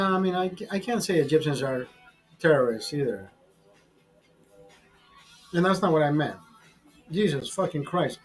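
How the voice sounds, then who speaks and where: In a low-quality recording, a man with a higher, somewhat bright voice hosts his own livestream while drinking. Tipsy and boastful, he delivers a crude, casual rant full of constant swearing.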